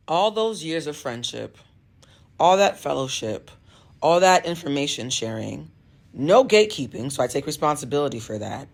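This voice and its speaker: A woman's voice: low-pitched, sing-song, moderate pace, vocal fry. A woman tells a personal story straight to camera in a blunt, emphatic way. She works as a tarot reader and life coach. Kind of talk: storytime monologue.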